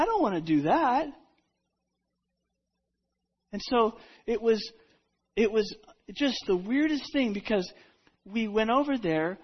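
A woman retelling a Bible story in the first person as a disciple, halting and repeating herself, dropping to a hush and then rising loud. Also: fairly high pitch, slightly rough. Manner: halting, with repeated words and restarts; dramatic swings between hushed and loud. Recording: dull lo-fi recording.

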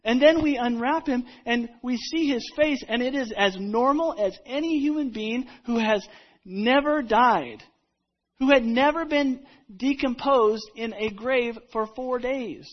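Woman, husky, first-person disciple storytelling, halting restarts, hushed-to-loud swings, muffled lo-fi recording. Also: a little high. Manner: halting, with repeated words and restarts. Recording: dull lo-fi recording.

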